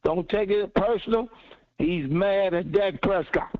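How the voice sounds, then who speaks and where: Fired-up caller on a dull line. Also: male voice, high-pitched, measured pace, a little hiss or hum. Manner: fired-up, insistent, repeats himself. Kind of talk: heated call-in sports talk. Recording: dull lo-fi phone-in audio.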